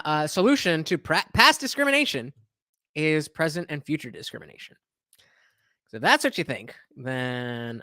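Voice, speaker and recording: A man hosting a live stream, commenting on clips in an animated, rambling way. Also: fairly high pitch, no echo, studio quality. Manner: animated, reacts to clips with quick asides. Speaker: streamer host.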